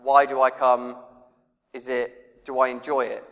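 A man's voice: mid-range voice, flat delivery, measured pace, vocal fry, a bit bright. A man preaching a conversational sermon, acting out quoted voices and laughing often. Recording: long reverb of a church hall.

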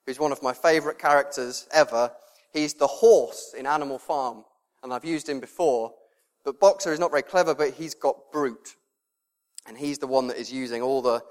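A male preacher, giving a sermon with lively storytelling and laughter. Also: medium pitch, moderate pace. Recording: long reverb in a hall.

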